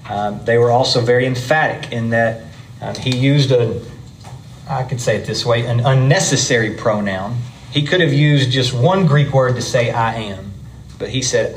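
A man leads a Bible class in a relaxed, conversational way. He talks at an ordinary middle pitch and keeps putting questions to the listeners. A faint hiss of noise runs under his voice. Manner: conversational, asks the room questions and checks in with "okay? right?". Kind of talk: teaching sermon with questions to the class.

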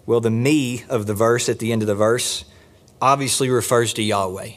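A man preaches a sermon from a church pulpit. His delivery is emphatic, climbing high on key points and slowing to a low, deliberate tone when he stresses a phrase. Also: fairly even intonation, fairly bright tone. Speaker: pastor. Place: church sanctuary.

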